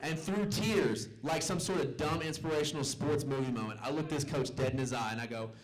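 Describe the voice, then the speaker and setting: Young man, from the American South, stand-up comedian, comedy club stage, self-mocking, acts out characters, mid-pitched voice. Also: brisk. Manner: loose, self-mocking, acts out the people in his stories. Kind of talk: stand-up storytelling.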